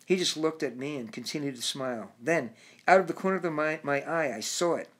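A man's voice: fairly high pitch, a bit bright, breathy edge. Man reading his own audiobook. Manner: measured, with occasional restarts. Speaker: author narrating his own book. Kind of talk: audiobook narration.

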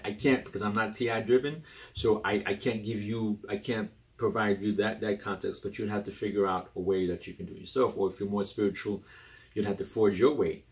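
A young adult man hosting a casual talk about personality types, animated and rambling, often restarting his sentences. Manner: animated and rambling, with many restarts and sudden jumps in pitch. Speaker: host.

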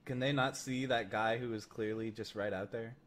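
A man's voice: fairly low pitch, steady tone, moderate pace, a bit bright, a little hiss or hum. A man giving casual, joking commentary as he plays a video game. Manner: joking asides over game dialogue. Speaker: let's play host.

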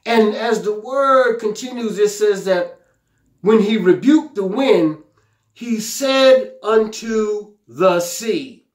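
A man's voice: high-pitched, slow, echoey room. A man preaching a sermon with fervent exclamations, repeating his lines and acting out the scripture in a pleading voice. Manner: paraphrases the scripture aloud in a pleading voice.

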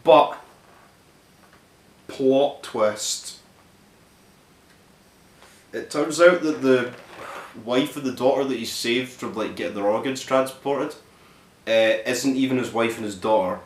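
A man's voice: medium pitch, slow pace, long pauses. A man casually retelling a film's plot as a reviewer, rambling and swearing, with lots of "like" fillers. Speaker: film reviewer. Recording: roomy echo.

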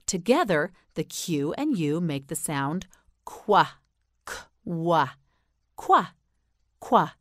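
A woman with an American accent teaching English pronunciation, slowly enunciating and repeating words for learners to say back. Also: fairly low pitch, no echo, studio quality. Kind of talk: slow drilled vocabulary lesson.

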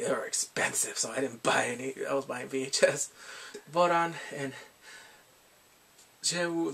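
A man giving a casual spoken drama review, retelling scenes in an animated way and acting out the characters' lines. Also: mid-range voice, gravelly.

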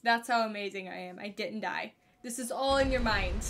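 A woman streamer giving excitable, foul-mouthed commentary to her viewers while playing a game. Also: on the high side, moderate pace, hardly any pauses, slight background noise. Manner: excitable, swears freely, talks to her viewers. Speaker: gaming streamer. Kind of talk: let's play commentary. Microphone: headset or desk mic.

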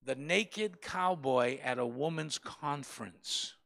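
A man's voice: fairly high pitch, slow, vocal fry, fairly bright tone. A male pastor preaching a Bible study in a fervent, emphatic way, repeating phrases for stress.

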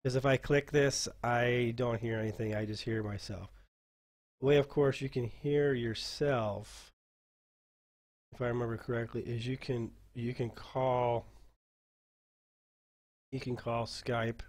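A mid-range male voice with fairly steady intonation walks dungeon masters through software in a casual screen-share tutorial. He rambles and halts as he clicks along at his desk mic.

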